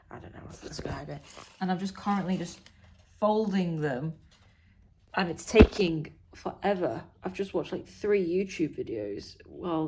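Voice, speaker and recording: A woman's voice: low voice, darkish tone, slight background noise. A woman vlogging from a hotel room, rambling chattily with plenty of fillers. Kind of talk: casual chat to camera.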